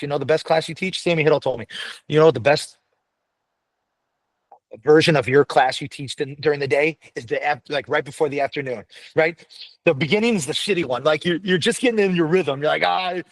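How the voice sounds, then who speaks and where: A middle-aged man talks frankly and animatedly, with constant swearing, in a candid podcast conversation. His voice sits somewhat high for a man. The recording is dry and close, with no room sound. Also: no echo, low-quality recording. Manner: blunt, profane, animated storytelling. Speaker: podcast guest, veteran firefighter.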